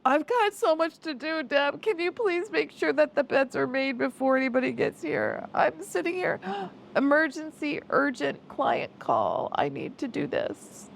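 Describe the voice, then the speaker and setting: Woman doing a put-upon whiny voice, harried, lively swoops. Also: high-pitched, a little slow, creaky, hardly any pauses, a little hiss or hum, pitched above the performer's own voice, heavily acted. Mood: whiny pleading. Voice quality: little whiny voice. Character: whiny, harried middle-aged woman, overbooked and pleading.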